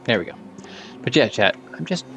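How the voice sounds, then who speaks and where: A man's voice: mid-range voice, big pitch swings, fairly quick, creaky, sharp tone, soft background music. A man streaming while gaming, chatting in a rambling way and slightly slurring his words. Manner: rambling, full of "like" fillers. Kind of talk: casual live-stream chat while gaming.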